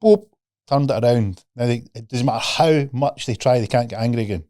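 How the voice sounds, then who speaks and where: A man's voice: mid-range voice, fairly quick, dark tone, no echo, studio quality. A man, a podcast guest and mindset coach, talking casually and animatedly, swearing freely and acting out the voices of the people he quotes.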